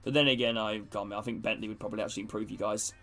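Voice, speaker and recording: A man's voice: fairly low pitch, steady tone, racing, fairly bright tone, faint music behind. A young man streaming a football video game, greeting his chat and geeing up his teammates, with casual swearing. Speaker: gaming streamer. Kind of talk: live gameplay chat with viewers.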